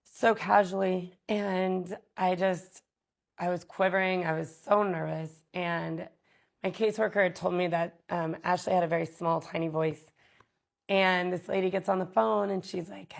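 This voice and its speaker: A woman vlogger telling a personal story in a candid, halting way, with many pauses and fillers. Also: lowish voice, fairly even intonation, gravelly.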